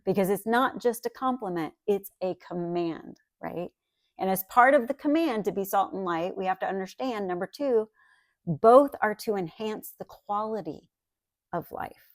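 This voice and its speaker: A woman preaching a sermon in an earnest, emphatic way, breaking into chatty asides to her listeners. Her voice sits at a middle pitch. The sound is dry and close, with no room echo. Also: lively intonation, normal speed. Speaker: Bible teacher.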